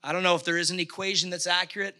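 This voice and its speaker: Male pastor, middle-aged, high and very bright voice; fervent sermon delivery with emphatic bursts. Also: flat delivery. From Canada. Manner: impassioned, emphatic bursts, halting restarts.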